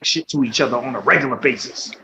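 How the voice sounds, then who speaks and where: A man's voice: medium pitch, fast talker, sharp tone. A man hosting a casual radio talk show, speaking bluntly with plenty of swearing and frequent checks of "you know what I'm saying". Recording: slightly muffled, faint background noise.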